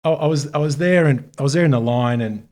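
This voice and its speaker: A man from Bosnia and Herzegovina, a guest on an interview show, telling a casual, lively story with frequent laughter and informal, sometimes profane talk. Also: mid-range voice, fast talker. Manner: animated, laughs often, acts out other people's lines. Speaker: interview guest, art supply store founder.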